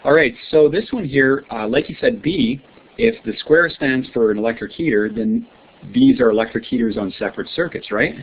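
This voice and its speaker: Quizzing his students in a friendly way and often asking "right?", a male teacher gives an online science lesson. His mid-range voice is sing-song with vocal fry at normal speed, heard over a tinny lo-fi line with faint hiss.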